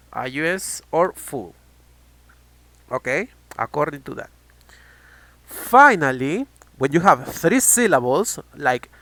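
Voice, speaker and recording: A man's voice: fairly high pitch, a bit bright, dry recording, poor audio. A man teaching an online English grammar lesson, drawing out example words and checking in with "okay?". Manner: repeats words slowly, checks in with frequent "okay?".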